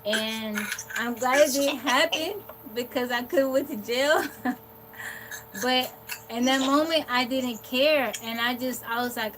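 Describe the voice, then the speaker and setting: A woman's voice: fairly high pitch, unhurried. A woman hosting a livestream, casually telling a personal story in a rambling, candid way and quoting what people said. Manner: candid, rambling, quotes herself and others. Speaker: livestream host. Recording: noisy background.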